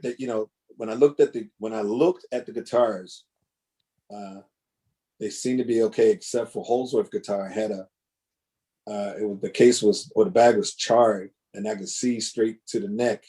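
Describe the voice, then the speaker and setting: A man, a drummer, telling animated, rambling stories over a video call, with lots of restarts. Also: on the low side, moderate pace. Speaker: guest drummer. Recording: choppy internet connection.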